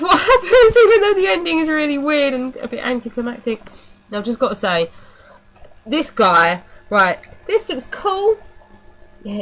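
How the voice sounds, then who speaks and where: A woman's voice: medium pitch, poor audio. A young woman giving a casual, mocking film review, blunt and rambling, swearing freely.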